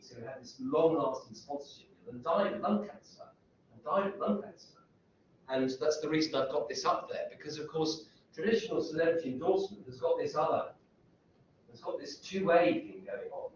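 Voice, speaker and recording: A man's voice: medium pitch, a little hiss or hum. A man giving a university lecture, rambling and asking the students lots of questions. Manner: rambling, self-interrupting, asks rhetorical questions. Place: lecture room. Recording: echoey lecture hall from far off, dull sound.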